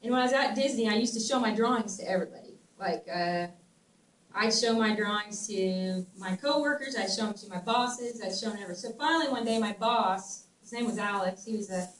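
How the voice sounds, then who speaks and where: A middle-aged woman with a Southern US twang, telling stories in a casual, animated way, laughing often and restarting her sentences. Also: medium pitch, brisk. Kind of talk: casual storytelling. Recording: echoey room, distant mic, faint ambient noise.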